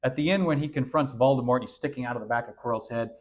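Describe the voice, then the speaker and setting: A man preaching an animated sermon to young people, often repeating words as he goes. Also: mid-range voice, quick pace.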